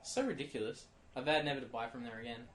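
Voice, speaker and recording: A man's voice: medium pitch, fast. Young man, echoey casual podcast. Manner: animated storytelling, acts out shop clerks in quotes. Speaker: podcast co-host. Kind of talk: casual chat. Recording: echoey room with faint noise.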